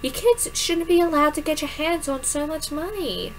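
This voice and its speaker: A woman's voice: high voice, moderate pace, slight background noise, natural voice, rough recording. A woman voicing a protective, caring middle-aged mother in a story game. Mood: concerned.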